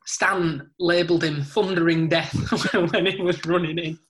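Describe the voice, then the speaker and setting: A man's voice: fairly high pitch, fairly even intonation, measured pace, fairly bright tone, a little hiss or hum. A man chuckling while he tells anecdotes in a casual chat.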